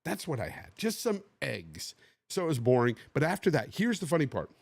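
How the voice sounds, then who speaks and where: A podcast host from the Bay Area, USA tells a casual story, animatedly acting out what other people said. His voice is a little high, brisk and creaky, with no room sound.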